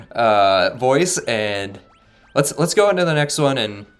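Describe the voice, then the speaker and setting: A man casually commentating his own playthrough of a video game, relaxed and somewhat monotone. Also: medium pitch, slow pace, clean tone. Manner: relaxed, laid-back, self-described monotone. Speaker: gaming channel host. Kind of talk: casual let's-play commentary. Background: faint game music.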